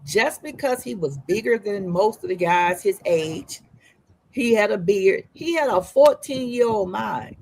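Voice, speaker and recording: A woman's voice: medium pitch, animated, a little slow, vocal fry, a little mellow, low-quality recording. A woman co-hosting a podcast, talking through tears in an emotional, emphatic way and repeating her words. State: crying. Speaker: podcast co-host. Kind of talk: casual podcast discussion. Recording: faint noise, remote call line.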